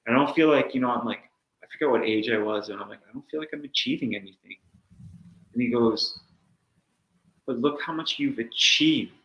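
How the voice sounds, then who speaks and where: Appearing as a guest on a talk show, an earnest man chats in a reflective, open way, occasionally acting out little inner voices. His ordinary-pitched voice runs a little fast with long pauses, and the muffled recording sits in a noticeably echoey room.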